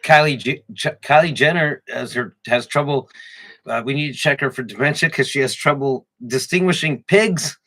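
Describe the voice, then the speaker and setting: A man with a bright, forceful voice co-hosts a casual comedy talk show. He jokes crudely, riffs on the news and slips into mocking impressions of other people. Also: medium pitch, moderate pace. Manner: crude joking banter, mimics voices. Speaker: podcast co-host.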